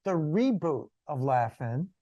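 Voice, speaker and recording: Relaxed older male podcast co-host. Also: a little high, slow pace, no room sound, muffled recording. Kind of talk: casual podcast chat.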